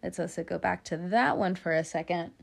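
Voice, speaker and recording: A woman with a slightly low voice gives a casual tarot reading. She talks in a loose, chatty way, playful and quick to laugh, dropping the odd swear word. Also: gravelly. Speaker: tarot reader.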